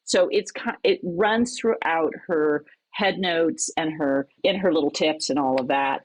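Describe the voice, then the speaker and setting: A woman who teaches cookbook writing, talking in an animated, conversational way as a podcast guest. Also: sits low, measured pace, no room sound, low-quality recording. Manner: animated, lively storyteller with laughs. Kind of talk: conversational interview.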